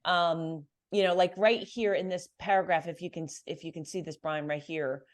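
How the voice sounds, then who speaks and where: A woman coaching business owners on pricing and sales, talking in a brisk, emphatic, confident way. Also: fairly low pitch, steady tone. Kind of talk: coaching call.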